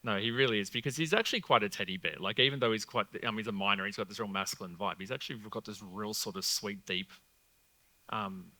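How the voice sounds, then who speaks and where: A man's voice: fairly low pitch, fast talker, sharp tone. An Australian man hosting a live stage show, talking casually with lots of fillers as he relays messages to an audience member. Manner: chatty, filler-heavy, swears casually. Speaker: psychic medium host.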